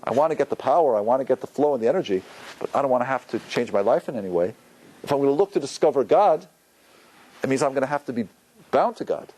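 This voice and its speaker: Man, rabbi, informal Torah class, chatty, lots of fillers, mid-pitched voice. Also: lively intonation, fast, warm tone, rough recording. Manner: conversational, loose with fillers, acts out quotes with a rising voice.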